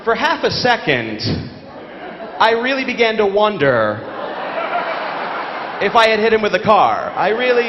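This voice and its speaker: Sardonic New stand-up, echoey hall. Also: male voice, high-pitched, moderate pace, long pauses, background noise. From New York. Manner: sardonic, deadpan storytelling. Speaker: stand-up comedian. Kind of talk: stand-up comedy set. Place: large theater stage. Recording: echoey theater hall, dull lo-fi.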